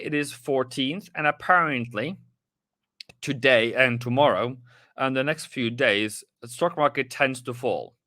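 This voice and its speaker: Hosting a live trading stream, a man with a bright, forceful, mid-range voice rambles casually through the markets, restarting himself and making asides to viewers. He sounds a little out of breath, and the studio audio is clean with no echo.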